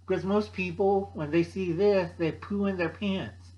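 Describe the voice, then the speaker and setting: Older man, sixties, casual vlog host, gruff and blunt with a joking streak, voice sits a little high. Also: steady tone, unhurried, mellow, lo-fi sound. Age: 60s. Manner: gruff, blunt, jokey, calls himself by name; acts out other people's voices in a higher pitch. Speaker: channel host. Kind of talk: casual rambling chat.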